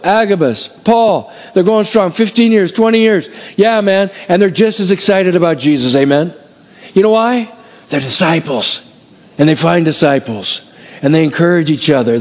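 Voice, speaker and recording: A middle-aged man preaches to his congregation with animated energy. His voice sits a bit higher than most men's. He fires repeated questions at the room, auctioneer style. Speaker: pastor. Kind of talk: sermon.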